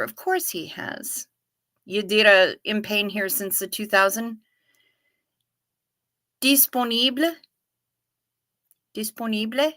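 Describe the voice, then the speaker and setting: A woman hosting a casual livestream, reading viewer comments in a gentle, sympathetic way. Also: mid-range voice. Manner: slow, gentle and sympathetic, talking to chat. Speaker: livestream host.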